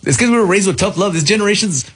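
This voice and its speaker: A man's voice: high voice, rapid-fire, slightly rough, faint music behind. A man in his forties co-hosting a casual talk show, who keeps acting out his kids' and parents' voices for laughs. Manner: animated, acts out voices of kids and parents for laughs. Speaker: radio co-host. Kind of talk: casual chat.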